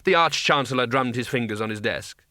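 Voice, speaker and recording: Guy reading a comic fantasy audiobook, wry and dry, bright voice, no room sound. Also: medium pitch, a little fast, no echo. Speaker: audiobook narrator. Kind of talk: scripted narration.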